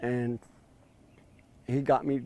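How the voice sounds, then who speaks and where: A man's voice: mid-range voice, flat delivery, takes it slowly, mellow. A man in his fifties telling his story in an interview, acting out quoted dialogue with a raised voice. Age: 50s.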